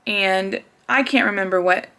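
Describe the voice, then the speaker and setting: A woman's voice: mid-range voice, moderate pace, sharp tone, clear, resonant tone. Chatty young woman telling a story. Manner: chatty, laughs often, many fillers. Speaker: vlogger. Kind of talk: casual storytelling.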